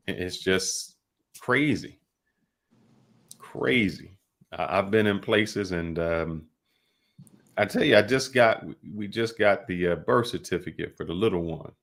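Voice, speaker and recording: Low-voiced man, podcast host, rambling storyteller. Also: gravelly. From United States. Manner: loose storyteller, drawn-out fillers and restarts. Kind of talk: casual podcast chat.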